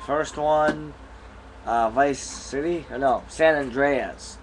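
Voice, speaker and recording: A young man with a medium-pitched voice vlogs casually from his bedroom at home, rambling slowly and easily while chewing gum. It's recorded on a camera mic with background noise.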